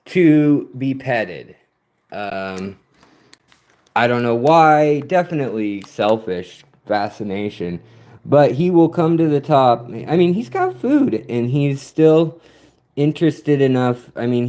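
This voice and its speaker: A man's voice: on the high side, a little mellow. A man hosting an aquarium channel, rambling through a casual livestream chat as he walks among his fish tanks. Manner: rambling, chatty, slow-paced storytelling. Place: outdoors near his fish tanks at sunset.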